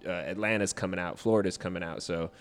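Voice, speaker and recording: Casual co-host, man in his thirties, low voice, animated and profane, with a long room reverb. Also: fast talker. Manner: animated, profane, acts out quotes loudly. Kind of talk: casual chat.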